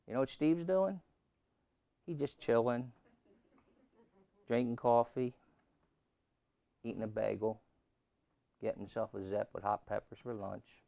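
A pastor preaching a sermon and telling a humorous story, with lots of rhetorical questions. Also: male voice, mid-range voice, a little slow, vocal fry, long pauses, dark tone, no echo. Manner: humorous, repeats key lines.

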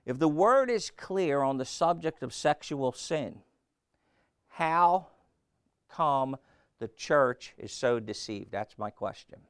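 A man's voice: mid-range voice, animated, takes it slowly, a bit bright, clear, resonant tone, dry recording, clean studio sound. A man preaching a sermon, emphatic and rhetorical, firing questions at the congregation and repeating phrases for effect.

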